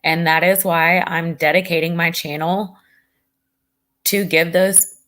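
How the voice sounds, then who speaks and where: Earnest woman hosting a livestream, low voice. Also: fairly even intonation, takes it slowly, pauses often, a bit bright. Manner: earnest, reads chat comments aloud. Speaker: livestream host. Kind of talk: casual livestream chat.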